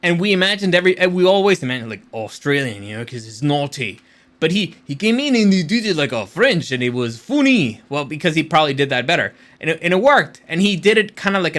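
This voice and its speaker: Man, high-pitched, bright forceful tone, blunt rambling commentary, swears a lot. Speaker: channel host and screenwriter. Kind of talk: casual rant-style commentary.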